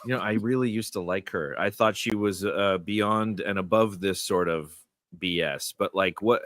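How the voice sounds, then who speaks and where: A man co-hosts a casual podcast, his voice a little lower than most. He leans into wry, sardonic humor, tossing off cutting asides. The recording is dry and close. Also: normal speed, a bit bright, no room sound. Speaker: podcast co-host. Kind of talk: casual chat.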